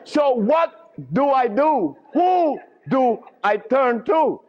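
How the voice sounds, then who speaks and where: Animated man lecturing on a lo-fi tape. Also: very high voice, drawn-out words, a faint crowd. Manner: animated storytelling with frequent chuckles. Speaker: lecturer on herbal healing. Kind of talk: lecture to a live audience. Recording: lo-fi archival lecture recording.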